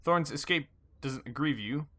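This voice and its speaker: A man's voice: fairly high pitch, unhurried, bright, forceful tone. A man hosting a let's play, casually reading game dialogue aloud with fillers and small slips.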